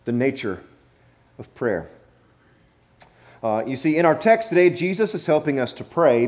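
A man preaching a sermon, emphatic, with dramatic pauses and repetition, sometimes playful. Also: medium pitch, very animated, darkish tone. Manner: playful, acts out wrong versions for effect. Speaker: pastor.

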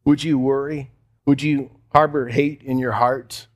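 A man's voice: medium pitch, steady tone, unhurried. A man preaching a sermon to a congregation, conversational, repeating phrases and asking the room questions. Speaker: pastor. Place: church hall before a congregation.

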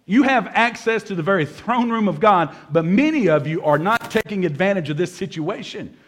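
Guy pastor preaching, pretty high voice, jokey and casual, keeps going "right?". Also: animated, moderate pace. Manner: conversational, humorous, asks "right?" often. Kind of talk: sermon. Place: church service.

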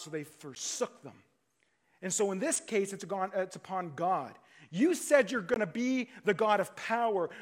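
A man with a notably high-pitched voice preaches a sermon from the pulpit. He moves between raised, pleading passages and hushed, low-spoken stretches as he works through the text. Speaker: pastor.

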